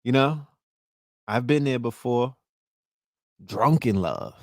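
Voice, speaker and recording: Male podcast host with a gravelly voice, loose and profane, always checking in with the listener, dry close sound. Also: medium pitch, lively intonation, slow, darkish tone, no echo. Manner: loose, profane, keeps asking "you know what I mean?". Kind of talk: casual monologue.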